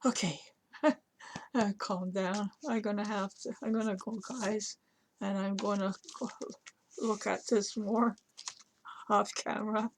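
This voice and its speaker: A woman's voice: medium pitch, level tone, unhurried, a little hiss or hum. A woman vlogger chatting casually to camera while unboxing a gift, gushing with awe. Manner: gushing, breathy exclamations of awe. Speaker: crafting vlogger.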